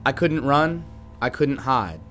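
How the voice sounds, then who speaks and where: Young guy reading a kids rhyme book, steady beat, soft guitar behind. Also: medium pitch, slow pace. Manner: steady, rhythmic rhyming delivery. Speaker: guest reader, band musician. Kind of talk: reading a rhyming children's book.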